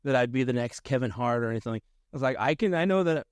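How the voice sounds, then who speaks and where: A man's voice: mid-range voice, expressive, quick pace, smooth, dry recording, studio quality. A middle-aged man, a guest comedian, chatting casually on a podcast in a rambling, self-deprecating way, restarting his sentences often.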